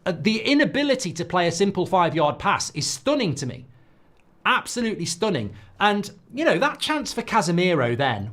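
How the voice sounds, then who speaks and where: Exasperated man ranting, high lively voice. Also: moderate pace. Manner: exasperated ranting with frequent swearing. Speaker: football watchalong host. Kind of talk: live match reaction commentary.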